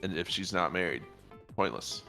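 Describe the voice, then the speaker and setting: Rambling low-voiced man in casual chat. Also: moderate pace, pushed and bright, faint music behind. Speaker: co-host. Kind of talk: casual chat on a live stream.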